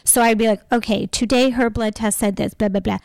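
A talkative woman guest telling stories in a casual interview, speaking in quick animated bursts. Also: a little high, vocal fry, no room sound, studio quality. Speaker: podcast guest.

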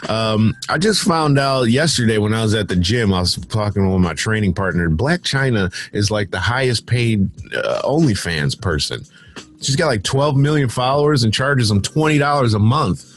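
A man hosting a show, reading out celebrity headlines and tossing in dismissive, sarcastic asides. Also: medium pitch. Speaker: host. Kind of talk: casual headline commentary.

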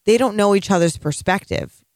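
A woman with a medium-pitched voice chats on a podcast in a loose, rambling way. She swears often and states firm opinions. The sound is close and dry. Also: a little mellow, no echo. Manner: chatty, profane, rambling, quick opinions. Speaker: podcast co-host. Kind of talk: casual chat.

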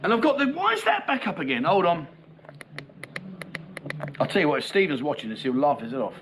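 A man's voice: fairly high pitch, sing-song, fairly quick, fairly bright tone, slight background noise. A middle-aged man, hosting a casual livestream and bantering cheekily with viewers as he reads out their comments. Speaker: livestream host.

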